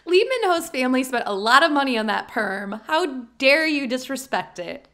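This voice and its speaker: A woman's voice: sits high, big pitch swings, normal speed, fairly bright tone. A woman co-hosting a podcast, chatting in an upbeat, giggly and earnest way. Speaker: podcast co-host. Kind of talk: casual chat.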